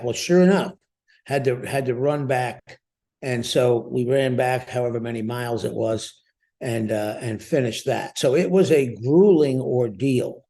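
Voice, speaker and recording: A man in his seventies from the United States, a veteran guest telling stories in an interview with a lively, chuckling manner. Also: medium pitch, measured pace. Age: 70s. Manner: lively, chuckling storyteller who repeats words as he goes. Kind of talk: storytelling interview.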